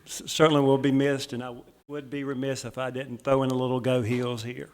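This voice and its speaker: A man's voice: medium pitch, little pitch movement, fairly quick, a little hiss or hum. A man, a council member giving brief, friendly welcoming words at a council meeting.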